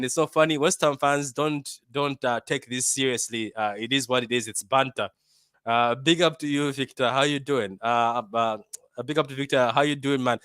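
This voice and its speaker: Animated bantering man, from Africa. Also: mid-range voice, clear, resonant tone, no echo, clean studio sound. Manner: animated, bantering, repeats himself. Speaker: football fan channel host. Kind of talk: casual match reaction.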